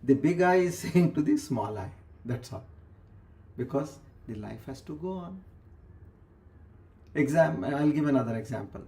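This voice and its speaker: A teacher with a slightly high, somewhat mellow voice gives a spiritual discourse, using everyday examples and repeated phrases to explain. At times his voice drops almost to a whisper.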